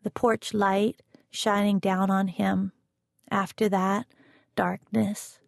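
A woman narrating a first-person novel as an audiobook, in a measured, unhurried reading. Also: medium pitch, flat delivery, vocal fry, no room sound, studio quality.

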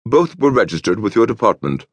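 Brief: unruffled cult leader, measured and booming, as a male narrator puts him on, husky texture. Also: no echo, heavily acted. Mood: serene. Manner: stentorian, slow and calm. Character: tall hooded male cult leader, serene.

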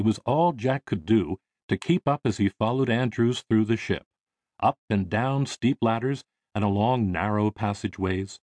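A man's voice: fairly low pitch, moderate pace, darkish tone, no echo. A man reading an audiobook aloud as the narrator, telling the story expressively on a close mic.

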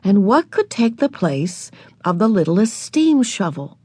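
Woman reading a kids' audiobook, super animated, dry close studio sound. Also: mid-range voice, unhurried, husky, dry recording. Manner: expressive, lively storytelling. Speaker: audiobook narrator. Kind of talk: scripted storybook narration.

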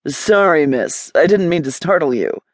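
A woman narrator voicing a confident, amused male design executive in an audiobook, speaking in a smooth, self-assured way. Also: fairly high pitch, lively intonation, normal speed, no room sound, clean studio sound, natural voice. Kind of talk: audiobook character voice.

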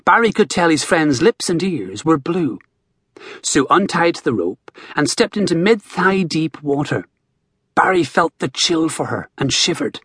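A man narrating a novel as an audiobook, in an expressive storytelling manner. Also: a little high, measured pace, slightly rough, dry recording, clean studio sound. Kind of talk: scripted narration.

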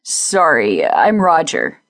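Woman voicing a male mechanic, friendly, easygoing, lowered voice, audiobook. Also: huge pitch swings, slow, vocal fry, a bit bright, no room sound, clean studio sound, full character voice.

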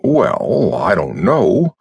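Vague young agent, slightly raised voice, husky and dry, narrator doing him. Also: male voice, low-pitched, big pitch swings, slow pace, no room sound, heavily acted. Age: 20s. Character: young male FBI agent, vague and easygoing.

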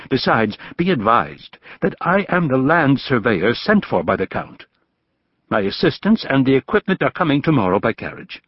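A man voicing a weary, proud land surveyor in an audiobook, speaking calmly and softly. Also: mid-range voice, slightly rough, no echo, highs cut off. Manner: calm, soft-spoken, dry.

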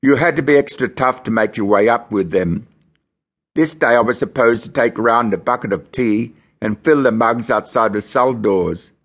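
A man from Australia reads a novel aloud in the first person, measured and grim. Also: medium pitch, fairly bright tone. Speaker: audiobook narrator.

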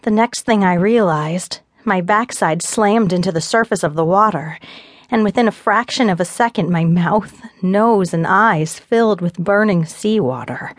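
A woman narrating a first-person romance audiobook in a steady, measured way on a close studio mic. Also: mid-range voice, dry recording.

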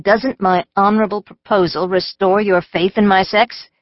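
A woman voicing an earnest, persuasive young male professor in his late twenties, a smooth talker, in an audiobook. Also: sits high, little pitch movement, normal speed, dry recording, lightly acted. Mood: earnest pleading. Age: late 20s. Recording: slightly dull audio.

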